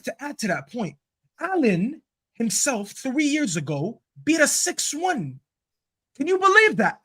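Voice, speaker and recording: A man's voice: very high voice, pushed and bright. A man whose first language is Arabic, ranting emphatically and swearing freely in a heated football debate on a podcast panel.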